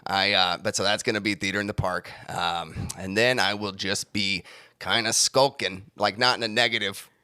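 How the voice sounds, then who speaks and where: Brief: halting man comedy guest, tense tone, very dry mic. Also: fairly low pitch, steady tone, sharp tone, clean tone, dry recording. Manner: halting, full of fillers. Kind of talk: improvised comedy chat.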